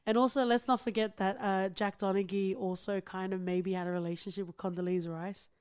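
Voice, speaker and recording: A woman's voice: medium pitch, fairly even intonation, brisk, a little mellow, smooth. Giggly, chatty woman podcast host. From outside the United States. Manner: chatty, many fillers and giggles. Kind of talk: casual chat.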